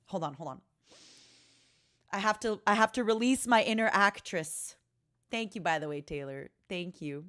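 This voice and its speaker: A woman's voice: medium pitch, expressive, moderate pace, pauses often, fairly bright tone, smooth, dry recording, clean studio sound. A woman streamer chatting casually with her audience in a playful motherly persona, calling viewers honey and darling. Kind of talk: casual live-stream chat.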